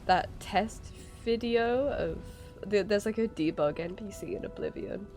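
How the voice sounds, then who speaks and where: A woman's voice: medium pitch, measured pace, a little mellow, soft background music. A sick woman streamer with a strained throat, chatting casually while watching videos, rambling and giggling a lot. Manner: giggly, rambling, easily amused. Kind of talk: casual live-stream chat.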